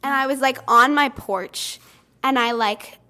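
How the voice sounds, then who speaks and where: A teenage girl on a youth radio team telling a story in an animated way, full of "like". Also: sits high, unhurried. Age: teens. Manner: animated, lots of "like". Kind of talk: casual storytelling.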